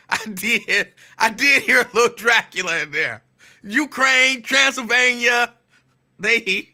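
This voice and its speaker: A man hosting a call-in radio show in a loose, teasing way. He laughs a lot and repeats his own lines, and at times he slows down to read a definition out deliberately. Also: high voice, sharp tone. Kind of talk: casual call-in radio talk.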